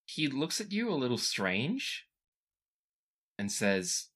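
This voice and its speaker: A man running a tabletop game as game master, narrating scenes and jumping into character voices. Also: slow. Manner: lively, animated narration that jumps up in pitch for characters.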